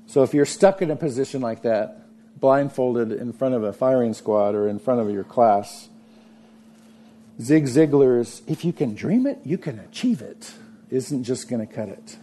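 A man preaching a sermon, earnest, often dropping to a soft murmur for emphasis. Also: mid-range voice, expressive, measured pace. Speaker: pastor.

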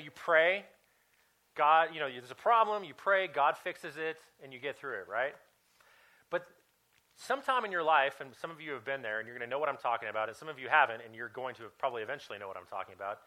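Heard on a low-quality recording, this pastor in his thirties has a slightly high voice that sounds pushed and bright. He preaches a sermon built around a personal story, chatting casually with lots of fillers and restarts.

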